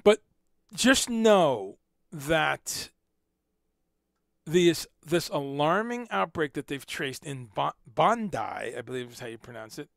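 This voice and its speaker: A man's voice: on the high side, expressive, takes it slowly, gravelly, fairly bright tone, dry recording, studio quality. A man hosting a casual livestream, rambling and repeating words as he talks, now and then swearing. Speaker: livestream host.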